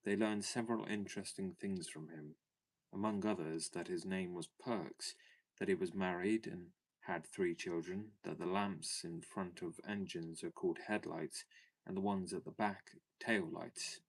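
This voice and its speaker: A man reads a classic children's story aloud with measured, clear storytelling. His voice sits very low and steady. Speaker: audiobook narrator. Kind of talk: scripted storybook narration.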